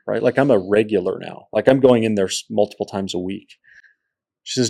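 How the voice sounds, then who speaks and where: A man, an entrepreneur guest on a podcast, telling his story in a lively way and acting out the people in it. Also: lowish voice, fairly quick, vocal fry. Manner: animated storyteller who acts out quoted people. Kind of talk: storytelling interview.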